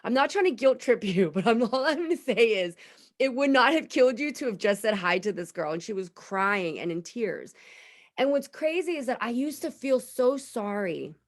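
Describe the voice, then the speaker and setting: A woman in her thirties co-hosts a laid-back podcast, her voice sitting on the higher side at an ordinary pace. She tells stories with lots of energy and acts out what people said.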